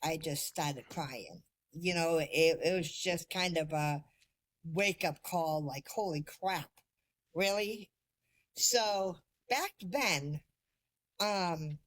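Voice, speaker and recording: A woman who is a podcast guest, telling her story in a casual, lively way, laughing often and poking fun at herself. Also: on the low side.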